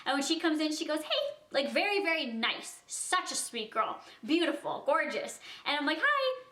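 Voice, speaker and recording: A woman's voice: high voice, animated, normal speed, sharp tone. A young woman telling a casual storytime vlog, chatty and full of fillers, often breaking into giggly asides. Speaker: vlogger. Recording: echoey room.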